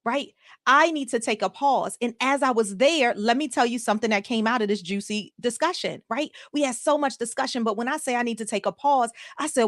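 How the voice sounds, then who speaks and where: A woman life coach hosting a live online show in an energetic, emphatic way, repeating words for emphasis. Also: a little high, fairly quick, dry recording, studio quality. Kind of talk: upbeat live-stream motivational talk.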